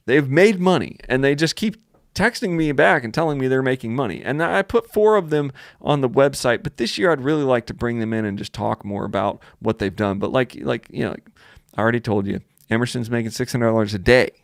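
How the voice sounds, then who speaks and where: This is a man in the middle of the usual pitch range, hosting a casual webinar where he pitches his piano tuning course. He rambles, restarts sentences and leans on fillers constantly. The sound is close and dry, with no room around it. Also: lively intonation, brisk, vocal fry, dry recording. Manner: rambling, filler-heavy, with many restarts and "you know, like".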